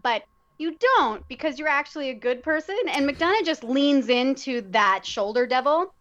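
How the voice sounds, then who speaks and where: A woman with a fairly high voice talks casually as a guest, reflective and a little halting, full of ums as she finds her words. The recording is muffled and lo-fi. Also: expressive, a bit bright. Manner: reflective, searching for words with many fillers. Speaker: guest, theater director and actor. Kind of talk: casual conversation. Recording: dull lo-fi sound.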